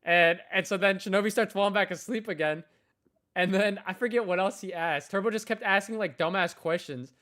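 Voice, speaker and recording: A young man hosting a relaxed trading livestream, his voice sitting a little high for a man. He talks loosely and profanely, calling everyone bro as he tells stories to his viewers. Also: brisk. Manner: loose slangy storytelling, swears often, calls everyone bro. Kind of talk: casual livestream chat.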